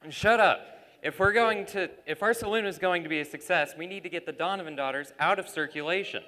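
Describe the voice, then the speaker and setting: A man's voice: sits high, a little fast, pushed and bright. A teenage actor playing a scheming, bossy male saloon owner on a church stage. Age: teens. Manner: blustering and commanding. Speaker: student actor. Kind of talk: live stage acting. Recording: long hall reverb.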